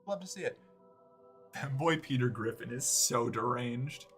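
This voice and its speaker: While gaming on a live stream, this man in his 40s chats loosely, swearing, wandering off topic, and interrupting himself partway through thoughts. He has a mid-range, fairly bright voice with lively intonation and an unhurried pace, with soft music in the background.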